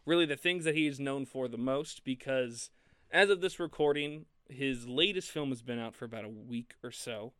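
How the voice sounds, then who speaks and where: A man co-hosting a film podcast in casual chat, animated and laughing often as he talks. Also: mid-range voice, normal speed, smooth, no room sound. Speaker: podcast co-host.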